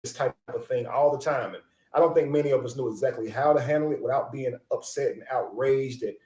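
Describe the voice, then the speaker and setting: A man hosting an interview show, talking in an animated, encouraging way. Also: medium pitch, fairly quick, reverberant. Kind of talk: casual interview chat.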